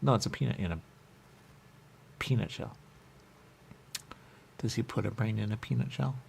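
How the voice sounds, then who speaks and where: A man's voice: fairly low pitch, moderate pace, vocal fry, darkish tone, slight background noise. A man hosting a radio talk show, bantering in a rambling, playful way full of repeated wordplay. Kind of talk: loose comedic studio banter. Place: radio studio.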